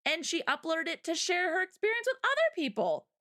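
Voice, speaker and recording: A high-pitched woman co-hosting a casual livestream, her voice swooping up and down as she gets heated. She rants in an animated way, slipping into quoted voices as she tells a story. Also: a little fast. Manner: heated, ranting. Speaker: co-host.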